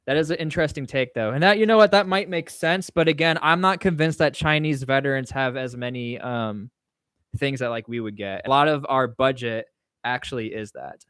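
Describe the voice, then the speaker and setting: A man's voice: mid-range voice, brisk, fairly bright tone, smooth, no echo, studio quality. A man hosting a casual livestream Q&A, reading chat questions aloud and answering in a rambling, offhand way. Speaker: livestream host.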